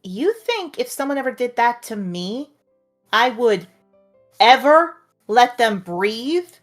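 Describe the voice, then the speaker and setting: A woman's voice: a little high, very animated, takes it slowly, soft background music. A woman voicing a blunt, protective young dragon princess who talks straight and swears freely. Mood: insistent.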